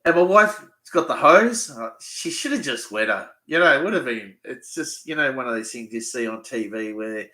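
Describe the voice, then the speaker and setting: A man's voice: medium pitch, animated, moderate pace, hardly any pauses, sharp tone, echoey room. An Australian man hosting a live Q&A, rambling and swearing as he tells a story bluntly. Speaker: fishing channel host. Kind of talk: live Q&A chat.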